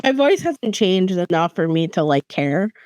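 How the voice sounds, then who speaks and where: A woman's voice: fairly low pitch, sing-song, moderate pace, darkish tone, dry recording, poor audio. A woman co-hosting a casual podcast, playful and self-deprecating, often laughing. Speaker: podcast co-host.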